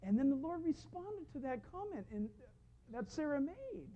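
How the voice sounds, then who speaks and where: A man preaching a sermon as a pastor, telling stories in an animated way and acting out the voices of the people he quotes. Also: extremely high pitch, moderate pace, a little hiss or hum. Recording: dull lo-fi sound.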